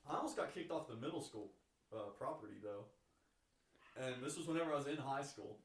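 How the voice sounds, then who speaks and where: A man's voice: mid-range voice, fairly quick, far from the mic. Young man rambling off-mic in an echoey room. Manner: relaxed, rambling, with restarts. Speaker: podcast co-host. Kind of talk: casual storytelling.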